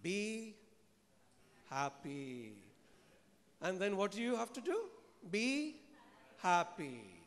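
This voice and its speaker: A man preaching a sermon to a live congregation, lively and humorous, often asking the people questions. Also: sits high. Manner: lively, asks the congregation questions, mixes humour with scripture. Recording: long reverb of a large hall.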